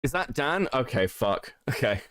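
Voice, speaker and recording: A man's voice: mid-range voice, sing-song, moderate pace, fairly bright tone, dry recording, studio quality. A man hosting a casual commentary stream, swearing and laughing often as he talks. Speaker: streamer host.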